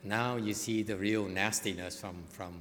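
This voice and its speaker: Lower-pitched male teacher, halting lecture with frequent fillers, echoing lecture hall. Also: steady tone, fairly bright tone. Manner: halting, with many fillers and restarts. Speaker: Buddhist dharma teacher. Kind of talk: bilingual dharma lecture. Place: hot lecture hall without air conditioning. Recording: long hall reverb.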